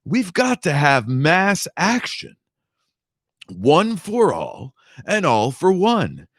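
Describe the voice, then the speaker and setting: A man reading a novel aloud puts on a priggish grown son, pitched well above the reader's own low voice and swinging up and down as he moralizes. The tone is self-satisfied and preachy. The sound is dry and close. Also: huge pitch swings, slow pace, fairly bright tone, dry recording, heavily acted. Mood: smug. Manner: pompous and preachy. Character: smug, condescending grown son lecturing his father.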